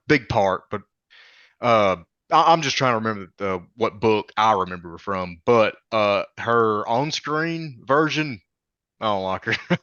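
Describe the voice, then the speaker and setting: A man co-hosting a podcast, giving blunt opinions in a halting way, often restarting sentences. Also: lowish voice, a bit bright, dry recording, highs cut off. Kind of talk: casual film discussion.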